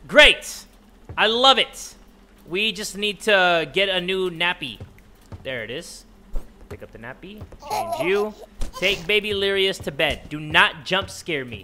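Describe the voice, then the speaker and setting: Man, gaming commentary, high voice, very bright and forceful, jokey, yelps at scares. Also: animated, normal speed. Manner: jokey, talks to the game characters, yelps at jump scares. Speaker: gaming video creator. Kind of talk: let's play commentary.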